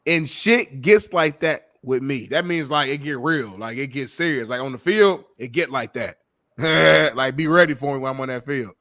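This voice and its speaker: A man's voice: medium pitch, moderate pace, no room sound, studio quality. A man co-hosting a casual sports talk show, telling stories with lots of laughter. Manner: laughs often, animated storytelling. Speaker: co-host.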